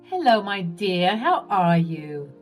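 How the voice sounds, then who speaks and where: A woman voicing a scheming older mother-in-law who talks slowly in a honeyed, falsely sweet way. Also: lowish voice, very animated, soft background music, exaggerated voice. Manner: slow, syrupy, honeyed.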